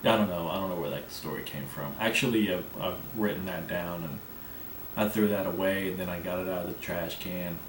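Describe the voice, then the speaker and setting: A man with a fairly low voice talks fairly quickly through a casual solo podcast, rambling, brash and full of swearing. The podcast host sits some way back from the mic in an echoey room, with a faint hiss in the background.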